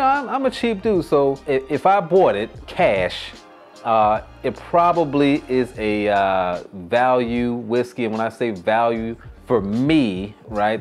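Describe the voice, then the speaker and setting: A man hosting a casual whiskey review vlog, chatty and joking with quick asides. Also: mid-range voice. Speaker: host.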